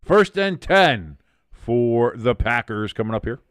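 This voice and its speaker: A man with a smooth, clear voice gives casual play-by-play on a live stream, reacting to chat with jokes and sudden excited shouts. His voice is recorded close and dry, with no room sound. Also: mid-range voice, slow pace, no echo. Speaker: host of a watch-along stream.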